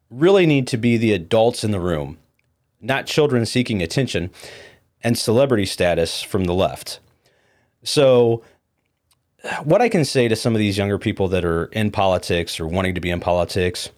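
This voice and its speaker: A man's voice: on the low side, expressive, moderate pace, pauses often, a little mellow. A man hosting a podcast with opinionated, dismissive commentary. He often stumbles over repeated words and fillers. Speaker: podcast host.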